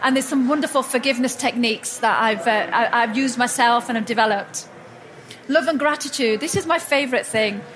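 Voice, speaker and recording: At a personal growth expo, a woman with a high voice gives a motivational talk to a live audience in an event hall. She's chatty and tells stories warmly, speaking fairly quickly and constantly restarting and correcting herself, with background noise in the recording.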